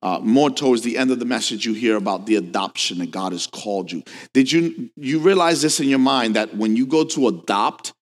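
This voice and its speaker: A man preaching a sermon as pastor, swinging from hushed lines to shouted questions, telling stories with casual asides. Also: mid-range voice, animated, fairly quick, few pauses. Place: church sanctuary. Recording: long hall reverb.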